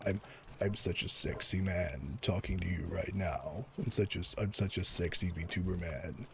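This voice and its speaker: A man putting on a parody voice of a self-satisfied male streamer, low, quiet and full of vocal fry. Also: normal speed, background noise. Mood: mock seductive.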